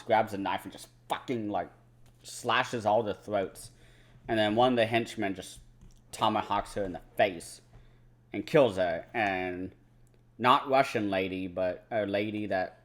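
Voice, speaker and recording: A young man chatting casually about films on a movie-marathon vlog, rambling and swearing freely. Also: lowish voice. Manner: rambling, profane, lots of "like" and "you know". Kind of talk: casual movie review chat.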